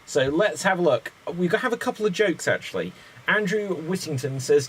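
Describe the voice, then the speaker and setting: Guy hosting improv games, kinda high voice, quick and businesslike, faint hiss behind. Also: animated, rough recording. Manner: brisk, calls on players by name. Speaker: improv show host. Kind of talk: hosting an online improv game.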